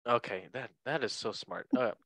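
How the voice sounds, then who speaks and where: A man's voice: mid-range voice, normal speed, a bit bright, no room sound. Guy hosting a football chat podcast, jokey and rambly, dry close sound. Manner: joking, rambling, quizzes each guest in turn. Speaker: podcast host. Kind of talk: casual chat.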